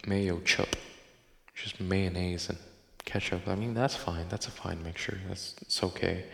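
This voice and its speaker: A man with a low, bright voice and a forceful tone hosts a casual solo podcast, swearing in exasperation as he reads listener posts aloud. The room is echoey, with a long reverb tail.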